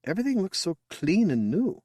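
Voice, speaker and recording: A man's voice: high voice, big pitch swings, brisk, dark tone, no echo, clean studio sound, voice pushed up. A man voicing a shy, nervous young student. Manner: hesitant and nervous.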